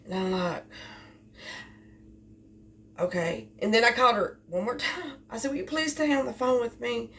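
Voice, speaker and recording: A woman's voice: on the high side, normal speed, pauses often, fairly bright tone. A woman telling a rambling story about her delivery job, repeating herself as she goes. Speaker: delivery driver. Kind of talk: casual storytelling vlog. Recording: distant mic with faint background noise.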